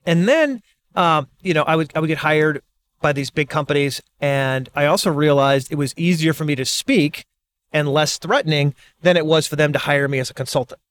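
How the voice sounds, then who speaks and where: A middle-aged man, a speaker and author, talking in a casual, animated monologue and acting out quoted reactions. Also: fairly high pitch, moderate pace.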